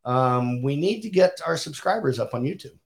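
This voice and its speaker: A man's voice: a little high, animated, moderate pace. A man co-hosting a casual home podcast, easygoing, laughing often and swearing now and then. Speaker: podcast co-host. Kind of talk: casual chat.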